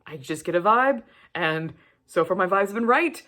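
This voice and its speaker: Bright-voiced gushing woman book vlogger. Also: on the low side, normal speed. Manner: gushing and animated, with frequent swearing. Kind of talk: casual book review chat.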